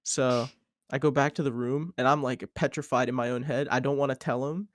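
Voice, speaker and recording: A man's voice: mid-range voice, fairly even intonation, a little fast. A young man hosting a podcast, telling a long story in a rambling, laid-back way with plenty of "like" and swearing. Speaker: podcast host. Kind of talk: casual storytelling chat.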